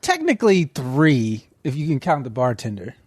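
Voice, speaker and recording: Relaxed enthusiastic man co-host. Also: medium pitch, moderate pace, slightly rough. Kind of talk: casual chat.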